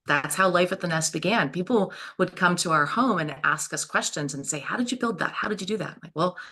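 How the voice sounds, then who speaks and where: A woman, telling homestead stories in a lively, animated way as an interview guest. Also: deep voice. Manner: lively, animated storyteller with frequent laughs. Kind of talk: storytelling in an interview.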